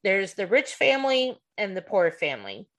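A woman's voice: mid-range voice, huge pitch swings, normal speed, fairly bright tone. A woman co-hosting a podcast in casual chat, talking chattily and rambling with lots of fillers while recounting a movie. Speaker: podcast co-host.

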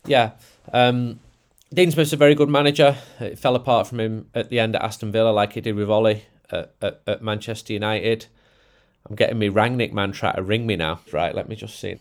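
A man hosting a casual football podcast in a studio, jokey and excitable, laughing often. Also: lowish voice, fairly quick. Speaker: podcast host. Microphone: studio mic.

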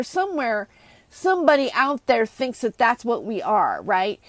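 A woman's voice: a little high, dry recording. A woman from the United States in a casual, rambling rant to her viewers, frustrated, with many restarts and asides. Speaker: vlogger. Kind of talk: casual ranting monologue to viewers.

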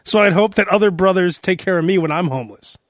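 A man hosting a podcast in casual chat, animated and jumping between topics. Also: high-pitched, fast, dry recording, clean studio sound. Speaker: podcast host.

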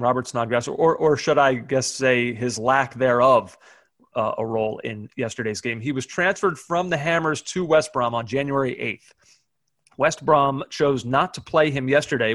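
A man's voice: on the high side, a bit bright, dry recording. Dry-voiced man recapping sports news. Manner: newsy recap, stumbling restarts, quick laughs. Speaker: podcast co-host. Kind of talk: casual sports chat.

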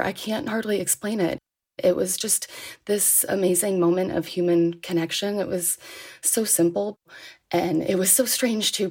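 A woman tells a personal story in an earnest way. Her voice is husky and gravelly and sits a little low. She laughs softly between phrases. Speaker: interviewee sharing a personal story.

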